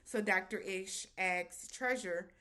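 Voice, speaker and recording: A woman's voice: mid-range voice, slow pace, sharp tone. A woman hosting a casual reality-show recap, talking animatedly, slipping into quoted voices and slang.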